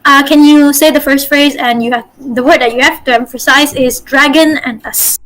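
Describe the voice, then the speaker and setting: Woman from Malaysia, high voice, chatty coaching host of an online workshop. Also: steady tone, a bit bright, rough recording. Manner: chatty, coaching, gives corrections with quick fillers. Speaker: workshop host and dungeon master. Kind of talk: teaching an online voice-acting workshop.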